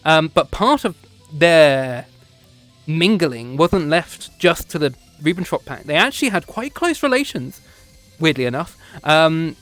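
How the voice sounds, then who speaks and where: A man's voice: a little high, fairly bright tone. Rambling British man giving a history lesson. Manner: rambling, digressive, laughs often, self-correcting. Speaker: streamer teaching history. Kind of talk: casual off-the-cuff history lecture. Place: home streaming setup, VR chat session.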